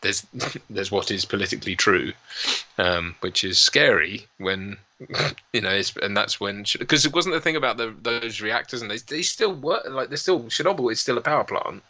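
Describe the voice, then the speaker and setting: Man, ill with a cold, very bright tone, dry close sound, rambling casual chat. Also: on the low side, normal speed, no echo. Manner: rambling, hesitant, full of fillers. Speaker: co-host. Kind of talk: casual live-stream chat. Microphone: lavalier mic.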